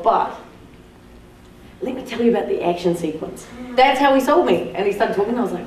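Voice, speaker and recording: A woman's voice: a little high, animated, brisk, pauses often, a loud crowd. A young woman with a New Zealand accent telling a story to a live audience, swearing freely and laughing often. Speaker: guest speaker at a film screening. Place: cinema auditorium. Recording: echoey cinema taped from far off.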